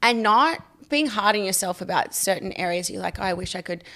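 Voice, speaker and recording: A woman in her thirties, a podcast guest telling her story in animated casual chat, often quoting herself. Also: medium pitch, fairly quick. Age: 30s.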